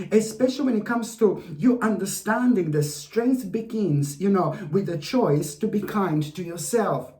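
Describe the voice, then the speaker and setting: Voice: medium pitch, warm tone. A tarot reader giving a weekly horoscope reading to camera, effusive and repetitive, fondly addressing the viewer again and again. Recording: roomy echo.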